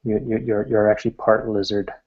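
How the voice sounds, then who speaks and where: A man's voice: lowish voice, little pitch movement, fairly quick. A man narrating as game master, describing scenes in a matter-of-fact way. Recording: dull lo-fi recording.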